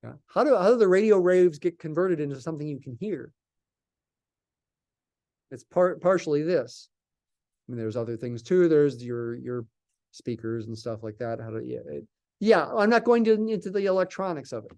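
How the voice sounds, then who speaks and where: Teaching calculus in a slightly raised voice, a man speaks at normal speed with a fairly high pitch, dark tone and lively intonation. The lecture feels unscripted: he works through problems aloud, restarts sentences, and answers his own questions.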